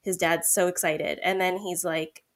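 A young woman co-hosting a podcast tells stories in an animated way during casual chat, acting out the quotes. Her voice is fairly low in pitch and her pace moderate.

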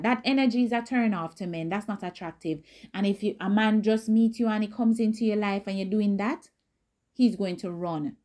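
Mellow-voiced woman giving blunt dating advice. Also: fairly even intonation, moderate pace. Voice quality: not high or squeaky. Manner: direct, emphatic, conversational with quoted asides. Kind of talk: casual advice talk.

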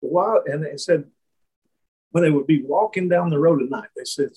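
A man tells a reflective story as a guest in conversation. His voice sits a little high and sounds husky. He speaks haltingly, with many restarts and fillers. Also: a little mellow, poor audio.

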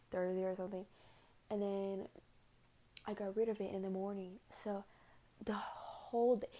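A woman's voice: medium pitch, warm tone. A young woman in her late teens chatting casually to camera in a rambling way, full of fillers and swearing, sometimes dropping to near whispers. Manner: tense, drops to near whispers at times. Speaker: vlogger. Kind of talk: casual confessional chat.

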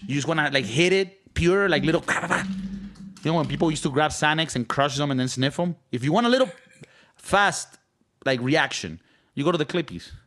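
A man's voice: fairly high pitch, expressive, brisk, fairly bright tone. A young man with a Venezuelan Spanish accent, co-hosting a podcast in casual, joking, rambling chat. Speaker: podcast co-host.

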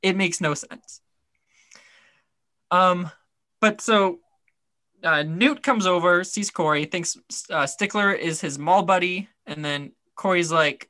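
A man's voice: high voice, takes it slowly, pauses often, sharp tone, no echo. A man co-hosting a podcast, recapping a scene in a rambling, wry way with lots of fillers. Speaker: podcast co-host. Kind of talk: casual recap chat.

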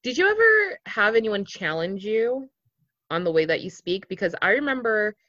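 A man's voice: high-pitched, very animated, moderate pace, sharp tone, dry recording. Laughing man podcast co-host, lo-fi. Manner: chatty, laughs often, swears casually. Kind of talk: casual conversational podcast. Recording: dull, slightly lo-fi, dry.

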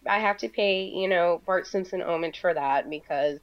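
A woman co-hosting a podcast, telling stories in a joking, animated way. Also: fairly low pitch, normal speed, dry recording, highs cut off. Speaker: podcast co-host. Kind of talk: casual chat, storytelling.

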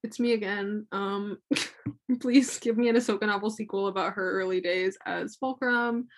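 A woman's voice: mid-range voice, fairly even intonation, normal speed. A young woman co-hosting a podcast in casual chat, playful and self-deprecating. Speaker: podcast co-host.

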